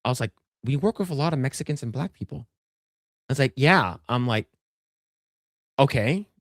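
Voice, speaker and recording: A man co-hosting a casual livestream, spinning a long anecdote in loose, profane talk. He stumbles and restarts often, and his voice sits at an ordinary middle pitch. The sound is dry and close, with no room around it. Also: expressive, normal speed, no room sound. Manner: rambling, profane storytelling with many restarts. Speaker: podcast co-host.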